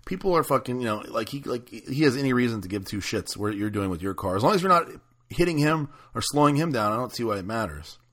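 A man's voice: medium pitch, animated, quick pace, fairly bright tone. A man hosting a podcast, trading loose, profane banter with his co-host. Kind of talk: casual chat.

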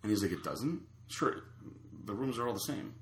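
A man's voice: fairly low pitch, normal speed, gravelly, roomy sound, a little hiss or hum. A man casually telling a long anecdote, acting out the other people's lines. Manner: animated storyteller acting out quotes. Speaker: storyteller guest.

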